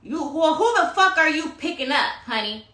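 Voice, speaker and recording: A woman with a high-pitched, expressive, sharp voice talks at normal speed in a roomy-sounding space. Doing a tarot reading on an Instagram live stream from her phone, she launches into a sassy, profane astrology rant, preaching self-love and calling listeners honey.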